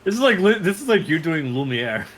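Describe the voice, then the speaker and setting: A man's voice: fairly high pitch, very animated, brisk, slight background noise, poor audio. A man in a casual group chat, teasing the others in a wry way.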